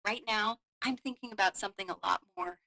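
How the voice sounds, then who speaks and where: A woman's voice: fairly high pitch, sing-song, brisk, creaky, pushed and bright, heavily acted, poor audio. A synthetic female AI voice playing a flirty, seductive female companion who murmurs teasing lines. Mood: sultry, teasing. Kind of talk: AI voice role-play.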